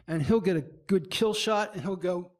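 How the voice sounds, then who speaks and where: A fairly high-voiced man giving a presentation to a small business audience. His delivery is animated: he acts out the expressions he describes and trips over his words, backing up to restart. The overall feel is loose and unscripted. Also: moderate pace. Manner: animated, demonstrates expressions as he speaks; frequent restarts and stumbles. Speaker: presenter at a marketing meetup. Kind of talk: presentation talk.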